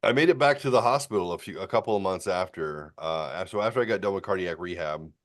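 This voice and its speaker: A man's voice: deep voice, fast. A man in his fifties, hosting a casual chat and telling a rambling story full of restarts. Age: 50s. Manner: acts out quoted people in a raised voice. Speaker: host.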